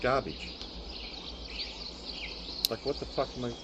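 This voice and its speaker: A man's voice: mid-range voice, takes it slowly, very noisy. A young man streaming a game live, swearing and ranting in exasperation about poor loot. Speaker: gaming streamer. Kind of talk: live gameplay commentary. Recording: loud game sounds behind.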